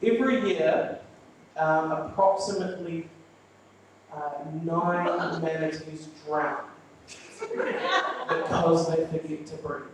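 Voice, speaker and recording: A man tells stand-up stories to a small live crowd in a dry, deadpan, rambling way, full of ums and restarts. His voice sits a bit high. The rough recording is very echoey and picked up from well back in the room, with faint noise underneath. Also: takes it slowly, pauses often, recorded from a distance. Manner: deadpan, rambling storytelling with filler words. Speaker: stand-up comedian. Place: small live venue with audience. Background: audience laughter.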